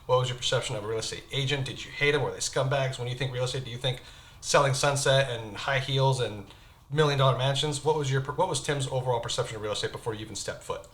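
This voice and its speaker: A real estate agent hosts a casual hot-wing interview, chatting over spicy wings, laughing often and restarting his questions. He talks fast in a mid-range, fairly bright voice.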